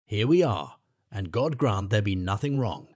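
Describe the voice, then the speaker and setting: A man's voice: on the low side, sing-song, normal speed, darkish tone, breathy edge, no echo, clean studio sound. A man voicing an anxious, loyal older male butler who speaks in a harsh, broken way. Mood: fearful.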